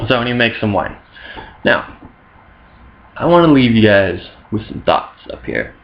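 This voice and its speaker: A man's voice: on the low side, big pitch swings, a little slow, lo-fi sound, a little hiss or hum. A young man rambling through an off-the-cuff comic retelling of a story, full of slang and asides. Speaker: vlogger.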